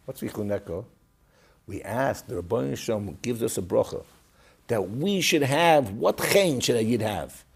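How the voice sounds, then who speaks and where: Animated husky man telling a story. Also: medium pitch, normal speed. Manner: animated storytelling, swings from loud to hushed. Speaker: guest recalling his father. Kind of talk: storytelling interview.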